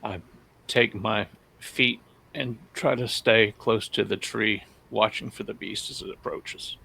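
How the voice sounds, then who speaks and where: A man's voice: fairly low pitch, steady tone, unhurried, vocal fry, sharp tone, breathy edge. A man playing a tabletop game, speaking in character in a terse, matter-of-fact way. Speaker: player.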